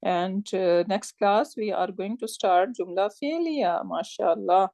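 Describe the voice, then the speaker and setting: A woman teaching a live grammar class, explaining step by step and often checking with "right?", in a warm, encouraging tone. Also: mid-range voice, measured pace, creaky, no echo. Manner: warm encouraging tone with religious phrases.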